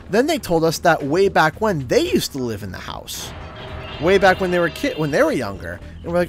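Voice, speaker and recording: A Canadian gaming streamer tells a casual story while playing, animatedly acting out other people's lines in altered voices. He has a high voice at a moderate pace, with soft music in the background.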